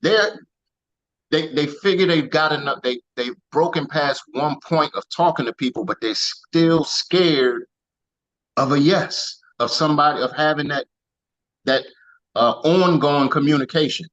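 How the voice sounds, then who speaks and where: Brief: man, slightly high voice, halting and restarting, muffled lo-fi call line. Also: a bit bright. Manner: halting, restarts his phrases. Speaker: regular team member. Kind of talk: casual chat on a group call.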